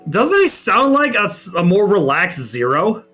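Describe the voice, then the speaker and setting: A young man co-hosting a casual podcast chat, excitable and swearing a lot. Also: high-pitched, measured pace, faint music behind. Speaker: podcast co-host. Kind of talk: casual chat over an online call.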